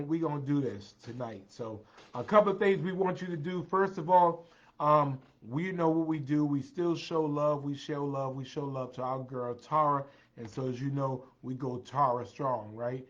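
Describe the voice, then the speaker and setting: A tired man chats on a livestream at a mid pitch and thanks viewers one by one. He leans on repetition, circling back to the same few phrases. The audio is dull and lo-fi. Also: animated, normal speed. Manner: greets viewers by name, repeats phrases. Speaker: livestream host. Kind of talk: casual livestream chat.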